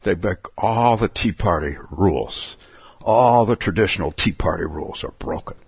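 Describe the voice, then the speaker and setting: A man's voice: deep voice, lively intonation, moderate pace, vocal fry, breathy edge, dry recording, muffled recording. A man giving a reflective Zen dharma talk, musing aloud and chuckling between thoughts. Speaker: Zen teacher.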